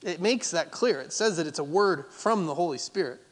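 A man's voice: on the high side, animated, moderate pace, big-room sound. A man preaching a sermon as pastor, driving points home by repeating phrases. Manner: emphatic, repeating phrases for effect.

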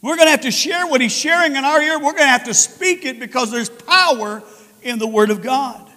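Male pastor preaching, high voice, loud peaks and hushed stretches, echoing sanctuary. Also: brisk. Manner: swings from shouted proclaiming to low quiet tones. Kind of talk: sermon. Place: church sanctuary.

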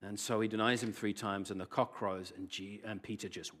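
A man preaching a sermon as pastor, telling the story in an animated way, swinging from loud, excited bursts to hushed near-whispers. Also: lowish voice, fairly quick, few pauses.

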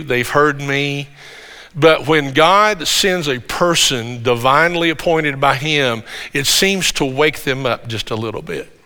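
Bright-voiced male preacher in echoing hall. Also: fairly high pitch, clean tone. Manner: earnest, animated preaching with rising emphasis. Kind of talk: sermon.

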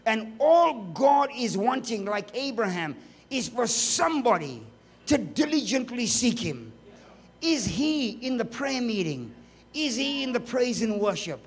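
A male preacher with a notably high-pitched voice delivers a sermon. He is emphatic, drives his points home with strings of rhetorical questions, and slips in joking asides along the way. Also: very animated, measured pace, breathy edge.

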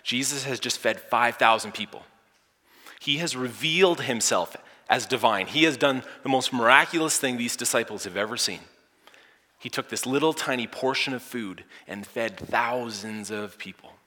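Bright-voiced dramatic preacher in an echoey hall. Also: male voice, mid-range voice, normal speed. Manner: dramatic, swinging from hushed near-whispers to loud emphatic lines. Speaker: pastor. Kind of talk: sermon.

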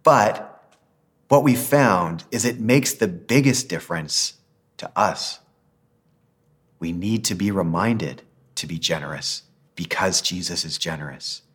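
A man preaching a sermon as pastor, earnest and gentle, ending in a prayer. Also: low-pitched, animated, slow pace, long pauses, slightly rough.

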